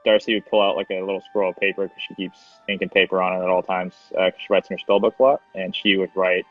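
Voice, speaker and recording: Very low-voiced guy running a tabletop game, rambling, dull lo-fi audio with faint music. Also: little pitch movement, fast talker. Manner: rambling, full of restarts and fillers. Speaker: game master.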